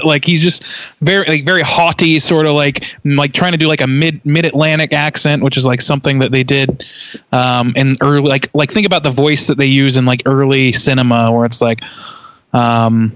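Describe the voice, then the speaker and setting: A man's voice: medium pitch, fairly even intonation, moderate pace, a bit bright, no room sound. A young man in a casual podcast chat about a film, reading trivia aloud and swearing now and then. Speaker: podcast co-host. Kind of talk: casual movie-review chat.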